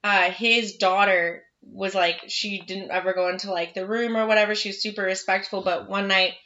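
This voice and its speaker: A young woman chats casually as a podcast co-host, telling animated, swear-filled stories with frequent laughter. Her voice is bright and clear-edged, though the recording sounds somewhat dull and lo-fi. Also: mid-range voice, normal speed. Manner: animated storyteller, swears freely, laughs often. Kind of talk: casual chat.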